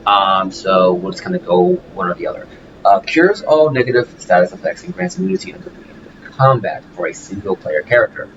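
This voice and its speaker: A man's voice: lowish voice, big pitch swings, brisk, dull audio, background noise. A man hosting a let's play, talking casually through his game with lots of fillers and restarts. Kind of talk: casual gameplay commentary. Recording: game music playing behind. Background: game music.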